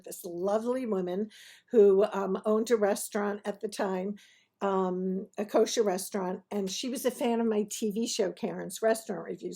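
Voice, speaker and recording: Chatty woman with a gravelly, husky voice. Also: mid-range voice. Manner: chatty and animated, laughing through the story. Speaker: host of a restaurant review TV show. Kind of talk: casual anecdotal storytelling.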